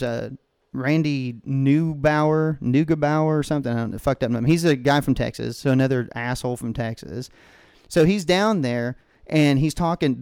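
A man's voice: medium pitch, a little mellow, clear, resonant tone, no echo, studio quality. A man co-hosting a podcast, telling a story in a casual, heavily profane rant. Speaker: podcast co-host. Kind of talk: casual chat.

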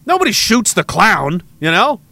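A man's voice: high voice, sing-song, normal speed, gravelly, pushed and bright. A man from Canada hosting a livestream, ranting sarcastically and with a lot of profanity, reading chat and laughing often. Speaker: livestream host.

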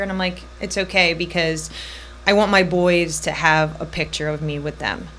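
A woman's voice: lowish voice, fairly even intonation, a bit bright, slight background noise. Woman in her thirties telling her own story. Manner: tells her story in quick, looping bursts, voicing others in her quotes. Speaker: guest. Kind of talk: personal storytelling in a podcast interview.

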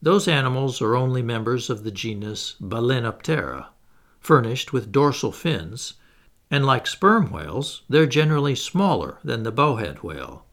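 A learned naturalist professor, patient and measured, gently lecturing his companions, as a man reads him in an audiobook. The voice is gravelly and rises and falls a lot. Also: medium pitch, very animated.

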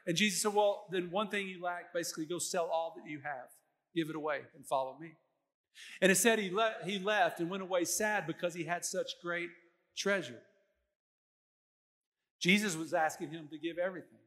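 A man's voice: high voice, fairly quick, a bit bright, long reverb tail. A man pastor preaching a sermon, telling stories with quoted voices and laughing now and then.

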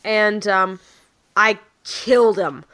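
A woman telling stories in casual chat among friends, laughing often and acting out quotes. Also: takes it slowly. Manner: animated, laughs often, acts out quotes in high voices.

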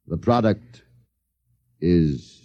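An actor playing a scheming Martian invader who mocks his captive in a smooth, unhurried way, in an old radio drama. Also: deep voice, animated, highs cut off, heavily acted. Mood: menacing. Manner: smooth, mocking, unhurried menace. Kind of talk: 1950s radio drama acting.

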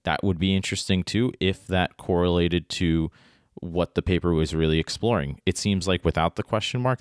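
A man with a very deep voice talks through a writing lesson in a relaxed, chatty way, stopping often to ask "right?" The sound is dry and close, with no room echo at all. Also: normal speed. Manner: conversational, frequent "right?" and restarts. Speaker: writing teacher. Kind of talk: casual spoken lesson.

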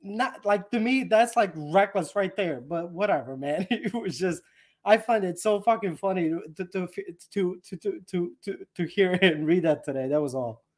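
A man chatting as a guest on a podcast, ranting in an animated, profane way and laughing often. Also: high voice, normal speed. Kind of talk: casual podcast chat.

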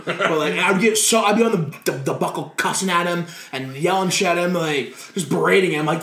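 A man being interviewed, telling stories in a lively way, swearing freely and laughing as he talks. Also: high voice, brisk, hardly any pauses. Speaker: guest wrestler. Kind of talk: casual interview storytelling. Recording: roomy echo.

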